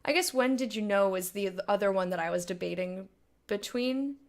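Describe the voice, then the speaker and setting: A woman's voice: medium pitch, fairly quick. A woman hosting a blind let's play, giving casual, emotional commentary on a game. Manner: emotional, chatty reactions.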